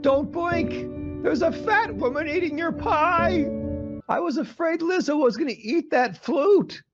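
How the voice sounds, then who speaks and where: A man's voice: very high-pitched, lively intonation, a little slow, lo-fi sound, over music. A man putting on the voice of a fretful, pompous middle-aged pundit who talks in an anguished, apologetic rant. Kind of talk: comedic impression.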